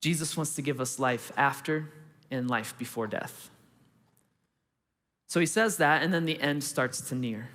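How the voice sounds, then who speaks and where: A man's voice: medium pitch, measured pace, pauses often, bright, forceful tone, big-room sound. A man preaching a sermon as pastor, earnest and conversational, in a large church auditorium.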